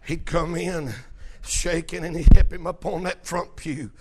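Man, preacher, sermon storytelling, high voice, hushed to shouting. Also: steady tone, unhurried, noisy background.

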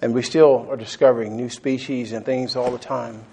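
A man preaching a sermon, animated, laughing often and repeating phrases for emphasis. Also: medium pitch, normal speed, slight background noise.

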